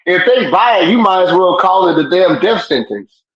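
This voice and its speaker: Male co-host, animated pitch, blunt and teasing, muffled lo-fi remote audio. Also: moderate pace. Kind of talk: casual tech chat.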